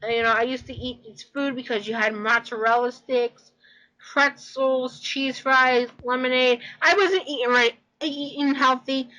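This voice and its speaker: Casting: young woman, high bright voice, loose rambling storyteller, swears. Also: steady tone, a little slow, poor audio. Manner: rambling, repeats herself, swears. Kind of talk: casual personal story.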